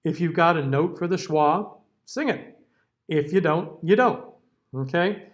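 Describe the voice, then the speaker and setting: A middle-aged man teaching a singers' diction class. He reads out word lists slowly and keeps checking in with "okay?" and "all right?". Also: a little high. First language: English. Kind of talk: classroom lecture.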